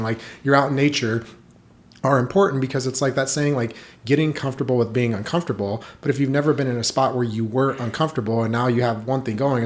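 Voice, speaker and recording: A man talking as a podcast guest in casual chat, telling lively stories and saying "like" a lot. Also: medium pitch. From United States. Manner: animated storytelling, heavy use of "like".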